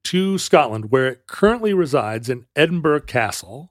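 Wry, halting man on a podcast. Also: on the high side, sing-song, fairly bright tone, dry recording, studio quality. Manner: halting, many restarts and fillers, wry. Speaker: podcast co-host. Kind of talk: casual conversational storytelling.

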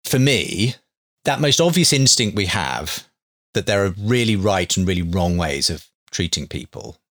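A man's voice: sits low, sing-song, normal speed, a bit bright, no room sound, clean studio sound. A man who hosts a faith debate show, telling an anecdote earnestly in a hedging, conversational way with many fillers.

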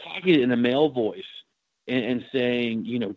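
A man's voice: mid-range voice, moderate pace, no echo. Man, paranormal investigator, casual storytelling, fillers and restarts, dry muffled recording. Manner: rambling, many fillers and restarts.

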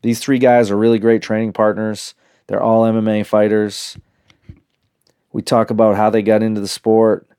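A man hosting a casual podcast, a relaxed storyteller who acts out the quotes, recorded outdoors in a park. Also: on the low side, clear, resonant tone. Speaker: podcast host.

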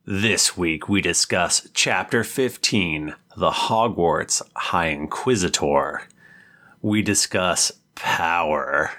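A man's voice: deep voice, takes it slowly. A man co-hosting a podcast, reading the outro credits in a dry, plain way. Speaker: podcast co-host. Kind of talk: casual chat and show outro. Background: loud music.

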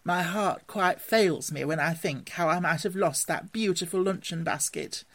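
A man's voice: on the high side, sing-song, slow pace, a bit bright, exaggerated voice. A man doing an eager young mole. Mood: contrite. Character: eager young male mole, earnest and excitable.

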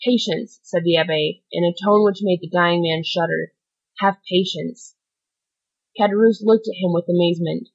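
A woman narrating an audiobook in an even, unhurried storytelling manner. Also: fairly low pitch, lo-fi sound. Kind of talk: scripted narration.

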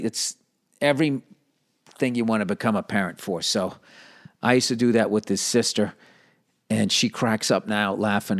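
A man hosting a solo podcast, rambling in a profane, jokey way about his life. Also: lowish voice. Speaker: podcast host.

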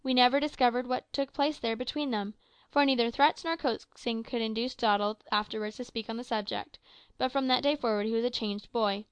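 A woman's voice: fairly high pitch, steady tone, clear, resonant tone, no room sound. Woman reading an adventure story aloud. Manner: measured storytelling, lifts her voice for quoted lines. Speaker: audiobook reader. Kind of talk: scripted narration.

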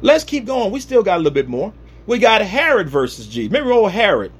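An animated male preacher telling Bible stories with humor. His husky voice swings widely in pitch and sits a little high for a man. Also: fast. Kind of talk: comic sermon storytelling.

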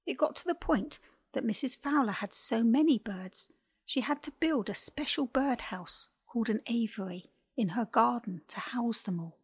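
A woman reading a scripted children's animal story slowly and gently. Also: fairly high pitch, animated, slightly rough.

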